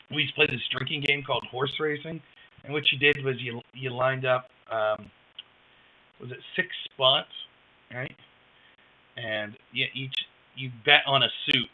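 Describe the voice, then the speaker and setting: A man hosting a casual live stream, rambling wryly and reacting to chat on a wireless headset. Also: mid-range voice. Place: home, rural area. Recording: dull lo-fi headset mic.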